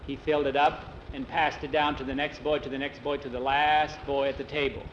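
A man telling a story in a relaxed, homespun way, acting out each character as he goes, in a roomy, dull lo-fi recording. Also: medium pitch, slight background noise. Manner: unhurried, homespun, acts out the characters. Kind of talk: oral storytelling.

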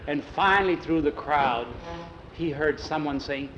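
Animated male storyteller, somewhat high voice. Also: moderate pace, reverberant, highs cut off, a little hiss or hum. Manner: animated, digressive, repeats "he said". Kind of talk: oral storytelling.

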